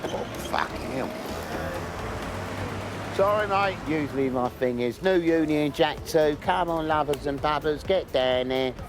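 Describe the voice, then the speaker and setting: A man's voice: on the high side, a little slow, music in the background. An older man who runs a bar, talking in a brash, showy way and swearing freely. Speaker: bar owner. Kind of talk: casual chat and banter.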